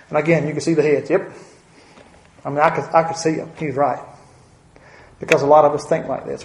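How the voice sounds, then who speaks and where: A man's voice: on the high side, darkish tone, a little hiss or hum. A man preaching a sermon in a church, talking earnestly with folksy asides and repeated phrases for emphasis. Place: church sanctuary. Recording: roomy church reverb.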